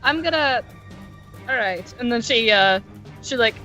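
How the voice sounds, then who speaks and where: Excitable woman player, high lively voice. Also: unhurried, faint music behind, poor audio. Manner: excitable, laughing, chatty. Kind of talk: tabletop game play.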